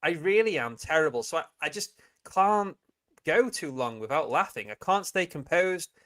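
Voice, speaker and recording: A man's voice: on the high side, animated, normal speed, fairly bright tone. A man hosting a casual livestream, chatting, laughing often and reading viewer comments aloud. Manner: chatty, giggly, reads chat comments aloud. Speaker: livestream host. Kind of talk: casual live-chat stream.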